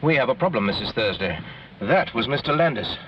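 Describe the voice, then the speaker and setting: A man's voice: medium pitch, animated, fairly quick, natural voice. A man playing a proper, courteous chauffeur. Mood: formal. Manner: formal, courteous. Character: polite, proper chauffeur Hunter. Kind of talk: 1960s TV drama acting. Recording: dull lo-fi 1960s TV sound, hiss.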